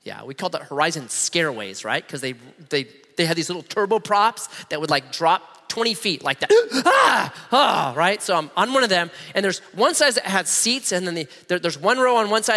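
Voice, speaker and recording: A middle-aged man preaching a sermon, telling a story with humor and acting out the voices. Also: high-pitched. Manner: animated, humorous, acts out voices. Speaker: pastor. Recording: long reverb of a large hall.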